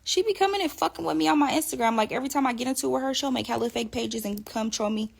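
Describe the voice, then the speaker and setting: A young woman telling stories in a casual interview, animated and profane, often laughing. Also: high voice, rapid-fire, creaky, breathy edge. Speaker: interview guest. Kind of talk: casual storytelling.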